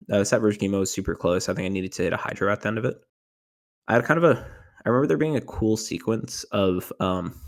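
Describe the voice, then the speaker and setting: Low-voiced young man, rambling and animated. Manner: rambling, heavy use of "like", animated when retelling panic. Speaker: tournament winner guest. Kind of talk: casual interview about competitive play.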